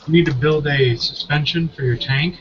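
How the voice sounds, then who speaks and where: Guy doing dry mock-serious bits, a little high voiced, muffled mic, faint hiss. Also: moderate pace. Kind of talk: casual live chat among friends. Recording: dull lo-fi mic with light hiss.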